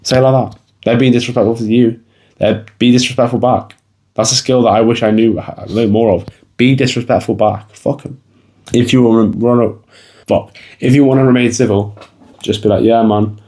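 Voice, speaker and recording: A man's voice: medium pitch, fairly even intonation, a little fast, dark tone. A young man gives blunt, casual fitness advice to the camera, swearing freely and calling the viewer bro. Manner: blunt, swears a lot, says bro often. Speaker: fitness vlogger. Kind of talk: casual motivational talk to camera.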